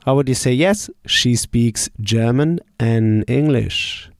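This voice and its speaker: A man teaching German verbs, asking each question, pausing, then saying the answer slowly and clearly. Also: medium pitch, no room sound, studio quality. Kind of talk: slow drill lesson.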